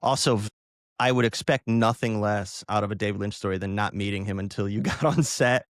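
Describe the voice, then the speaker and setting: A man's voice: fairly low pitch, a little fast, no echo, studio quality. A man hosting a podcast interview, chatting casually and reacting with enthusiasm. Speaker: podcast host.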